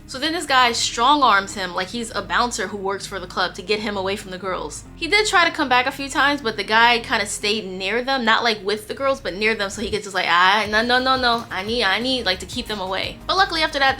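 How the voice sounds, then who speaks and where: Bright chatty woman telling a story. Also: fairly high pitch. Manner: chatty, emphatic, sassy asides. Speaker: YouTuber telling a dating story. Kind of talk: casual storytime narration.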